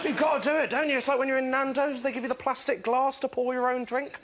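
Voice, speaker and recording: A man's voice: extremely high pitch, steady tone, fast. A man doing a gleeful stand-up routine on a comedy panel show, listing things with enthusiasm. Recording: TV studio with heavy noise.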